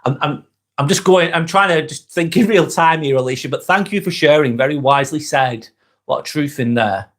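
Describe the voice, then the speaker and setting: A man with a fairly high speaking voice hosts a live motivational chat and answers viewer comments as they come in. He talks bluntly and casually, swears freely and hammers his points home through repetition. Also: brisk, fairly bright tone. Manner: talks while eating a snack. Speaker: live vlog host.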